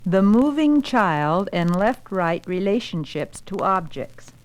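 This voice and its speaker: A woman giving scripted instructional narration for an educational film, calm and deliberate with step-by-step directions. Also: mid-range voice, slight background noise, rough recording.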